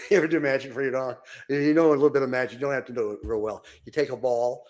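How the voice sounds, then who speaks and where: An older man co-hosting a podcast, telling long rambling anecdotes full of fillers and restarts, and jumping into high voices when he quotes people. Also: steady tone, quick pace, a little mellow, highs cut off. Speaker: podcast co-host. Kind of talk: casual storytelling chat.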